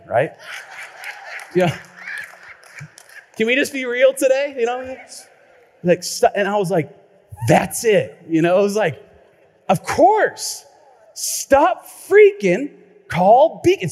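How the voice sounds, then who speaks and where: Male pastor, high voice, lively storyteller, sermon with long hall reverb. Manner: lively storytelling, repeats words when excited.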